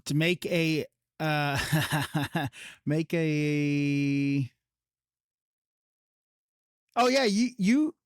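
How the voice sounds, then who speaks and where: A man runs a live-streamed tabletop game, narrating in a slow, drawn-out way. His voice sits a touch high and he talks casually with some swearing. The recording is dry and close. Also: clear, resonant tone, no room sound. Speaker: game master.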